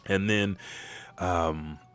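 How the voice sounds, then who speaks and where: Low-voiced man recapping in a casual, profane tone. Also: very slow, clean tone, dry recording. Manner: profane, animated storytelling, bursts into high-pitched character quotes. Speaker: manga spoiler commentator. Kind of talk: casual recap with acted-out character lines.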